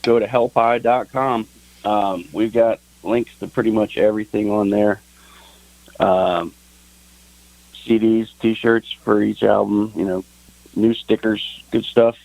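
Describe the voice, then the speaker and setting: A gravelly-voiced man from a band, guesting on a radio show. He is relaxed and jokey, and his voice sounds close and dry. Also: fairly low pitch, takes it slowly, no echo, rough recording. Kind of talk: casual interview chat.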